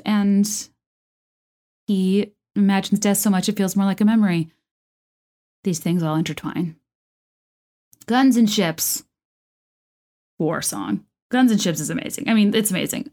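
A woman's voice: mid-range voice, darkish tone. A woman talking casually at home, enthusiastic and chatty, with lots of fillers and restarts. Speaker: video creator discussing a musical. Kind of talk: casual commentary.

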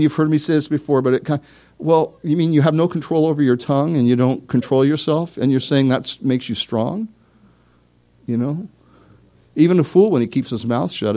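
A man's voice: on the high side, mellow. Conversational male pastor preaching. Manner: conversational, with asides and self-deprecating laughs; asks the listeners direct questions. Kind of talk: sermon.

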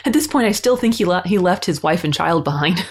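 A woman co-hosting a podcast, recapping a TV episode in an animated, exclaiming way. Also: fairly low pitch, a little fast. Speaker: podcast co-host. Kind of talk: casual chat recapping a TV episode.

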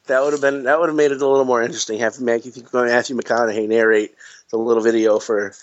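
A man in casual movie-talk chat, animated and complaining, who circles back and repeats his points when he gets worked up. His voice sits mid-pitch, and the recording sounds dull and lo-fi. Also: fast talker. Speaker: podcast co-host.

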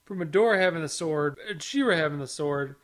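A podcast panelist in casual chat whose pitch swings up and down freely. They speak haltingly, stumbling and restarting sentences as they talk. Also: expressive. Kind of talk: casual chat recapping a cartoon episode.

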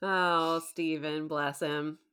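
A woman hosting a casual recap chat, animated, laughing often and acting out scenes. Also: sits low, takes it slowly, smooth. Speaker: podcast host.

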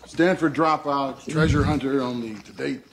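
An actor playing a scheming middle-aged crime boss in a video game cutscene, smooth and taunting with a threatening edge. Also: male voice, medium pitch, normal speed, a little hiss or hum, close to an everyday voice. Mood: menacing. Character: scheming older male crime boss, menacing and sarcastic.

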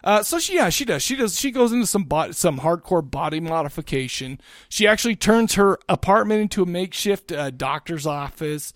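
A man talks a slightly high-pitched streak about a horror movie, rambling and cursing freely as he plays out what the characters say. His voice sits dry and close to the mic, with no room echo. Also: animated, brisk, hardly any pauses. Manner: rambling, profane, acts out quotes. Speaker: podcast co-host. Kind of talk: casual movie review chat.

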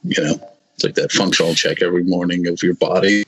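Husky low-voiced man rambling along. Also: steady tone, fast talker, fairly bright tone, poor audio. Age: 40s. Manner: rambling, many restarts, playful voice bits. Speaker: podcast guest. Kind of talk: casual podcast chat.

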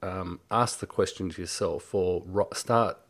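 Halting man, fairly low voice, casual podcast talk. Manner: halting, searching for words. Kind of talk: podcast conversation.

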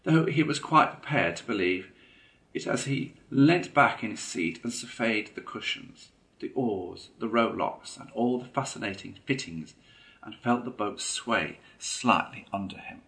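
A man reading a classic children's story aloud in a measured, expressive way. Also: on the low side. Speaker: narrator.

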